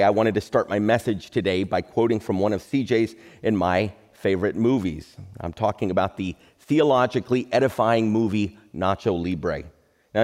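Joking middle-aged pastor, reverberant hall. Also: male voice, lowish voice. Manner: relaxed, joking, conversational. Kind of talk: recorded sermon.

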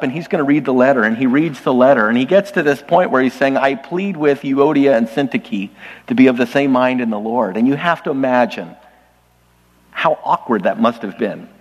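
Man preaching in a reverberant church. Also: mid-range voice. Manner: conversational, lightly humorous, addresses the congregation directly. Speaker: pastor. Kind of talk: sermon. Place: church sanctuary.

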